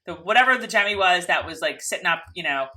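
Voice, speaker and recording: A woman chats her way through a TV episode recap in a bright, ringing voice. Her pitch rises and falls a lot as she rambles and mimics the characters. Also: expressive, fast. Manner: chatty, rambling, acts out characters' lines. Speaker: podcast co-host. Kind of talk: casual TV recap chat.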